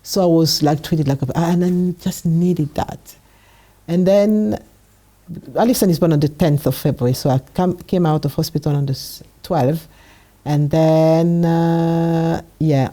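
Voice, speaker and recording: Low-voiced woman telling a personal story. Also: unhurried. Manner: animated retelling, acting out past dialogue. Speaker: guest sharing her testimony.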